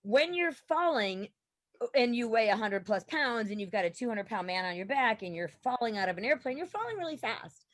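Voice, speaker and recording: A woman guest on a podcast, telling a story in a casual, animated way and laughing often. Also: fairly high pitch, a little fast, no echo.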